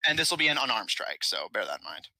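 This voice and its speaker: A man's voice: mid-range voice, big pitch swings, fast talker, sharp tone, dry recording, low-quality recording. A man running a tabletop game as game master, narrating in a rambling way with many fillers.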